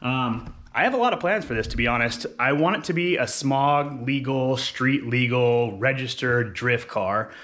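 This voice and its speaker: A man's voice: medium pitch, moderate pace, hardly any pauses, a bit bright. A young man from California, casually walking around a wrecked car he plans to rebuild, upbeat and full of fillers like "um" and "like". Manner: enthusiastic, filler-heavy, talks with his hands. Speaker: car vlogger. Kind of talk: casual walkaround vlog.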